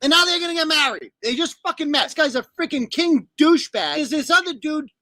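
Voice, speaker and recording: A man's voice: very high-pitched, fast talker, sharp tone, dry recording. A man delivering a profane, sarcastic comedic rant about a movie.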